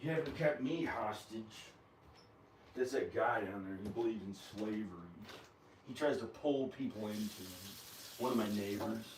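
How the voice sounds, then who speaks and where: Low-voiced man rambling in an echoey room. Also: normal speed, slight background noise. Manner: rambling, agitated. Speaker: video maker. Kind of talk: rambling monologue. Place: at home, kitchen. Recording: echoey room, camera far from the mouth.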